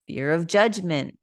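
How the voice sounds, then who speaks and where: A woman's voice: on the low side, darkish tone, no echo. A woman hosting a podcast, casually telling a personal story, candid and frank. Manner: candid, casual, swears and laughs. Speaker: podcast host.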